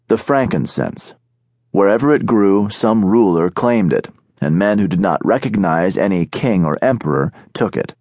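Deep-voiced male audiobook narrator. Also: animated, normal speed, a little mellow, no room sound, studio quality. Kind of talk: scripted narration. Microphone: studio microphone.

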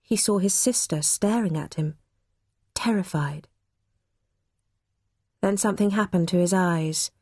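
A woman narrating a children's novel as an audiobook, in measured, expressive storytelling. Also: mid-range voice, breathy edge, dry recording, clean studio sound.

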